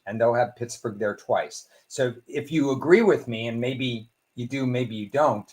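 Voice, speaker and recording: A man talking as a guest on a sports betting show, giving measured, analytical football picks and thinking aloud with small restarts. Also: mid-range voice, darkish tone. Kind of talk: casual sports betting talk.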